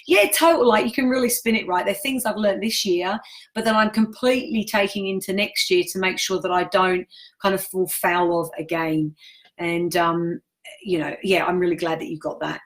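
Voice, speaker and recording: A woman's voice: lowish voice, fairly even intonation, moderate pace. A woman in her thirties hosts a casual livestream for a community of businesswomen. She talks in an effusive, openly emotional way and reads viewers' comments aloud as she goes.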